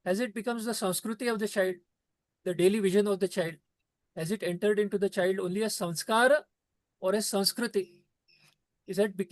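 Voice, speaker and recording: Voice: mid-range voice, no room sound. A trainer gives an earnest, repetitive talk to teachers over a video call. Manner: repetitive, emphatic, preachy phrasing.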